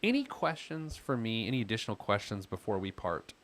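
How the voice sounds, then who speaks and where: A man's voice: fairly low pitch, sing-song, fairly quick, fairly bright tone. A man hosting a financial advice podcast, talking easily with a caller and using lots of filler words. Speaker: podcast host and financial planner. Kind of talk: casual advice chat with a caller.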